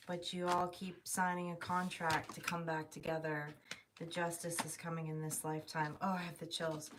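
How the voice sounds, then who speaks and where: A woman's voice: sits low, flat delivery, moderate pace. A woman giving a live tarot reading, thinking aloud and emotional, swearing casually. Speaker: tarot reader. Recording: distant mic with faint noise.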